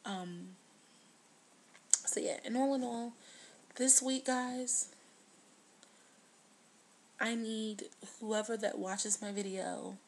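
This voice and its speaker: A woman in her twenties talking earnestly to the camera in a confessional video diary, sometimes dropping to a hush. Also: a little high, fairly even intonation, slow pace, long pauses, slight background noise. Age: 20s. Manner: earnest, heartfelt, drops to a hush at times. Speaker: vlogger.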